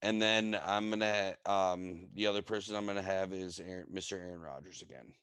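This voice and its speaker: A young man with a very low voice talks bluntly on a sports podcast, swearing freely and sounding sure of himself. The sound is dry and close, with no room around it. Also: fairly even intonation, brisk, fairly bright tone, clean tone, dry recording. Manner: brash, swears freely, confident. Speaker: podcast co-host. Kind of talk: casual sports chat.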